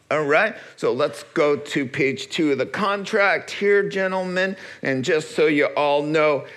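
Male preacher, unhurried sermon delivery, playful asides, acts out characters. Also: a little high. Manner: lively storytelling, acts out characters with asides and humor.

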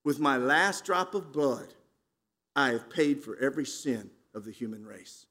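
A man's voice: medium pitch, animated, unhurried, a bit bright, voice pushed down. A man preacher acting out the cries of a dying man on a cross, anguished and pleading. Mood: solemn.

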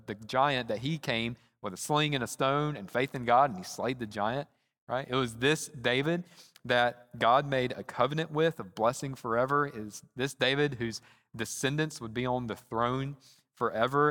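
Male pastor, mid pitch, earnest sermon delivery, slows on key lines, echoing sanctuary. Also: a bit bright. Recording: long reverb of a large hall.

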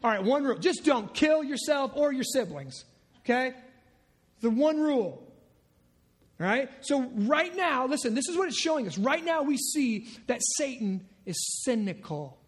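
A pastor preaching a sermon with animated energy, often dropping to low, muttered asides and rhetorical questions to the congregation. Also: male voice, unhurried, breathy edge.

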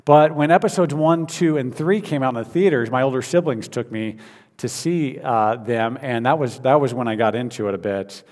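A man delivering a sermon in a conversational storytelling manner, his mid-range voice carrying a long reverb from the hall around him. He pauses on fillers and restarts his sentences as he talks. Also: medium pitch, a little mellow. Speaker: pastor.

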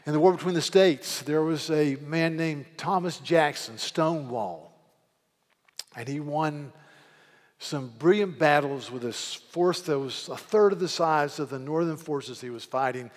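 Guy preaching a sermon, gets loud and pleading then drops low for stories, long echo off the hall. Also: measured pace. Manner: swings from loud fervent pleading to quiet storytelling. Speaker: pastor.

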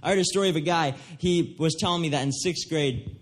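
A man's voice: a little high, a little fast. A young man giving an earnest, emphatic sermon, often checking in with his listeners. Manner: earnest, emphatic preaching with restarts and "right?" asides. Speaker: pastor.

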